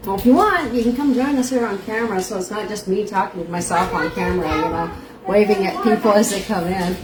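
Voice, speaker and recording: A woman's voice: medium pitch, fast, over a noisy crowd. A woman hosting a casual live stream from home, chatting to viewers and laughing often. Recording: echoey room with steady background noise.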